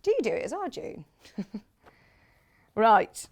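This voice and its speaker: A woman's voice: a little high, very animated, takes it slowly. A woman presenting fabrics on live shopping television, chatty and gushing, reading out viewer comments as she talks. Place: TV studio.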